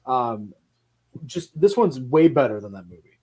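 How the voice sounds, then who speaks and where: Animated, cussing male podcast host. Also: medium pitch, slightly rough. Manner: animated, swearing, quick asides. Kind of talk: casual film chat.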